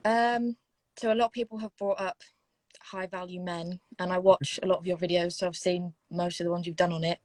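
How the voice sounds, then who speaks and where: A woman's voice: on the low side, level tone, brisk, a little mellow, dry recording. Young Englishwoman with a dry close sound. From England. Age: 20s. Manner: hesitant, laughing, self-deprecating. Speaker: caller. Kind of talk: casual live Q&A call.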